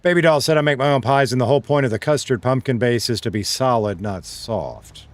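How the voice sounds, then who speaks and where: A man's voice: medium pitch, brisk. A man streaming a roleplay game, chatting casually with his chat and reading messages aloud. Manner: chatty, reads chat aloud, laughs easily.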